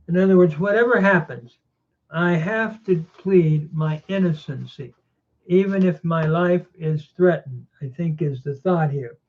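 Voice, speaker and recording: A man teaching a Bible lesson, reading Hebrew verses deliberately and then explaining the grammar and meaning. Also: on the high side, darkish tone, muffled recording. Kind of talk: slow scholarly lecture.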